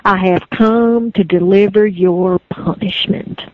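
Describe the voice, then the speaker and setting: A woman storyteller voicing a big hairy monster with fiery eyes, speaking flatly and ominously. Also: medium pitch, slow pace, no room sound, natural voice. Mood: menacing. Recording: dry, phone-like lo-fi recording.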